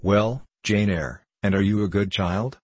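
In a storybook reading, a man voices a tall, grim, stern clergyman who solemnly questions a child. His voice is fairly low, husky and darkish, with fairly even intonation and an unhurried pace, recorded with no echo.

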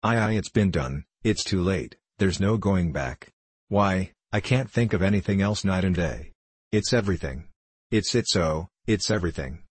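A huge, slow-witted man from a storybook stumbles and repeats himself helplessly, as a male narrator reads him. His voice sits very low and husky. The recording is close and dry. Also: big pitch swings, a little mellow, no echo, exaggerated voice. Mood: pleading.

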